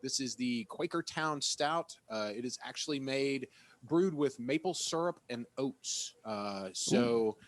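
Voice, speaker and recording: Mid-pitched male co-host, easygoing and halting delivery. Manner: relaxed, halting with fillers. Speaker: podcast co-host. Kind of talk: casual chat.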